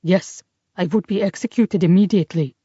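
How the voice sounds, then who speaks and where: A woman voicing an earnest young male German soldier with a German accent, speaking quietly and sincerely. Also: on the low side, normal speed, slightly rough, dry recording, highs cut off.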